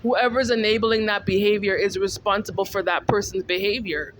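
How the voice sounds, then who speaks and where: A woman's voice: medium pitch, steady tone, fairly quick, noisy background. A woman venting in a casual vlog monologue, ranting and repeating herself in exasperation. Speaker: vlogger.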